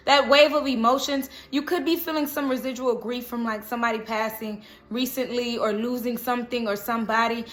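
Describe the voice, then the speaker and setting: A woman with a fairly high, slightly bright voice gives a casual tarot reading to camera. She's chatty and reassuring, often checking in with "okay?".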